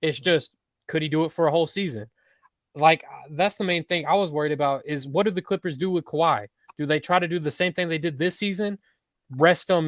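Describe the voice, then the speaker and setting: A man's voice: on the high side, dry recording. A man co-hosting a casual sports talk show, rambling through his basketball takes in a laid-back way. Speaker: podcast co-host.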